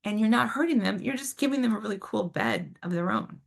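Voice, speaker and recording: A woman giving a casual talk on a video call, answering parents' questions and telling stories with warm, animated emphasis. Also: medium pitch, fairly quick, gravelly. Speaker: parent educator, guest speaker.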